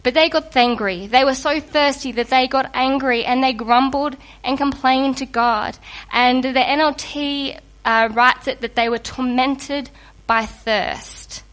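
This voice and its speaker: A woman giving a sermon to a congregation in a lively, conversational and humorous way, just getting over a cold. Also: sits high, unhurried. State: recovering from a cold. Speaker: preacher.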